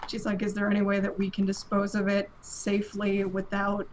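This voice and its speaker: A woman's voice: mid-range voice, monotone, a little fast, low-quality recording. A woman plays a tabletop game and casually describes what her character is doing, leaning on filler words. A faint hiss sits behind her voice. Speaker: player.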